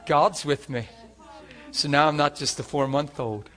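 Preacher, male, high voice, animated testimony sermon, drops to a hush then swells loud, chuckles through it. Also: measured pace, background noise. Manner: animated storytelling, swings between hushed and loud; chuckles often while speaking.

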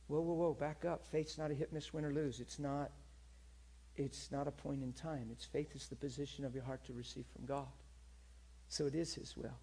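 Husky-voiced preacher telling a story. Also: male voice, on the high side, moderate pace, darkish tone. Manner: earnest, conversational, direct address. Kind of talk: sermon storytelling.

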